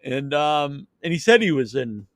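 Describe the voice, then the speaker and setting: A man's voice: on the high side, sing-song, measured pace, no room sound, studio quality. A man hosting a podcast, telling rambling anecdotes in casual chat with lots of restarts. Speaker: podcast host.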